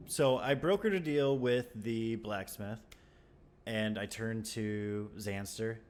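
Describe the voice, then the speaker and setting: A man playing a tabletop game over a voice call, chatting lively with the game master in and out of character. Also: lowish voice, slow pace. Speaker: player.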